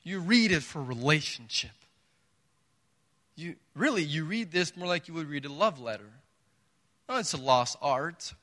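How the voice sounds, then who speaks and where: A man's voice: on the high side, lively intonation, measured pace, pauses often, a bit bright. A man preaching a sermon as pastor, emphatic and conversational, asking his listeners rhetorical questions. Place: church sanctuary. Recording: reverberant church hall.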